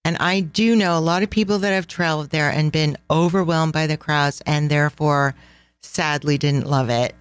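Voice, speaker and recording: A woman's voice: low voice, steady tone, moderate pace, smooth, dry recording. A middle-aged woman hosting a casual travel podcast, enthusiastic and laughing often, dropping in Italian phrases. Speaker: podcast host and travel planner.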